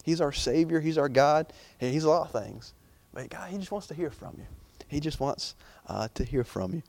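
A man's voice: fairly high pitch, expressive, normal speed, vocal fry, a little mellow, dry recording. A young man preaching an informal sermon in a chatty, rambling way, full of fillers and restarts.

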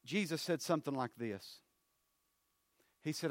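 A man, preaching a sermon. His loud, rising appeals drop to low, hushed phrases. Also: normal speed, no echo, studio quality.

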